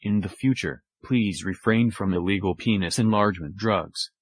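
A man in a voicemail impersonating a pompous male anti-doping official, with a stiff, deadpan delivery. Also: low voice, moderate pace, husky, dry recording. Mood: mock-official. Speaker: caller.

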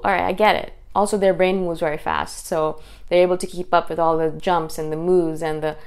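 A woman talking fast and intensely as the host of her own video channel, in a casual monologue. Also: fairly low pitch, clean tone. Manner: fast, intense, animated delivery. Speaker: YouTube host.

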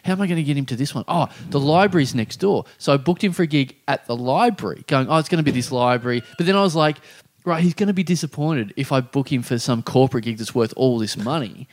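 A man's voice: mid-range voice, fast. A man telling a story in casual podcast chat, swearing freely and acting out the other people in it. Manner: animated, acts out quoted voices, swears freely.

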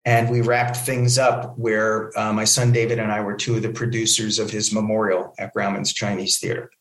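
A man from New Jersey, a guest, telling anecdotes in an animated way and acting out other people's lines. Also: lowish voice, normal speed. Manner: lively storyteller who acts out other people's lines. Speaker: comic book film producer and guest. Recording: echoey room.

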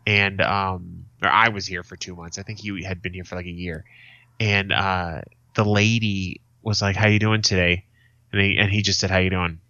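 A man co-hosting a podcast, telling stories in a casual, profane, animated way. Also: low voice, moderate pace, no room sound, muffled recording. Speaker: podcast co-host. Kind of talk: casual chat.

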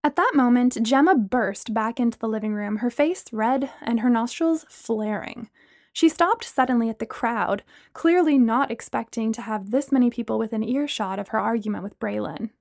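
A woman narrating a story aloud in an expressive, brisk way. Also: fairly high pitch, gravelly, dry recording, clean studio sound.

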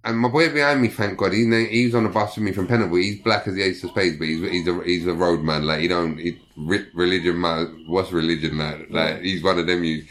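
A man's voice: low voice, fairly quick, hardly any pauses. A young man telling prison stories in casual slang, swearing and acting out the people he quotes. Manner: profane, animated, acts out quoted voices. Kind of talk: casual storytelling.

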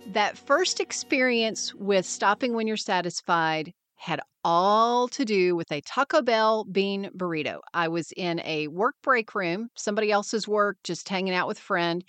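A woman's voice: medium pitch, expressive, a little slow, few pauses, fairly bright tone, dry recording, faint music behind. A woman hosting a wellness podcast, talking in an upbeat, encouraging way and acting out the voices she quotes. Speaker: podcast host and wellness mentor. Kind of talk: scripted podcast monologue.

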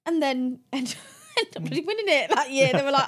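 A young woman, a guest on an interview show, telling anecdotes in a lively, chatty way and acting out the people she quotes with a raised voice and frequent laughs. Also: sits high, a little fast. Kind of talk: casual interview chat.

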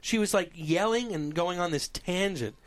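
A man hosting a casual podcast, telling animated stories and laughing often. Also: high voice, moderate pace. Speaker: podcast host. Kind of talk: casual storytelling chat.

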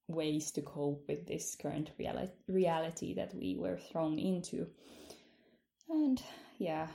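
A woman speaking English as a second language, co-hosting a loose, jokey podcast. Her voice sits a little low, with a gravelly fry and a mellow, dark tone. She giggles often and pads her thoughts with "um". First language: not English. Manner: giggly, self-mocking, many ums. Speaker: podcast co-host. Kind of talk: casual podcast chat.

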